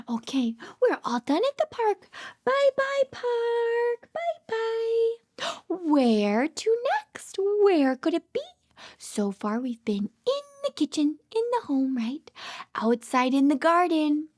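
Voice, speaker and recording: High sing-song woman reading to toddlers. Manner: sing-song, gasping with delight, drops to soft whispers. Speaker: speech therapist reading to toddlers. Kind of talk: children's picture-book read-aloud.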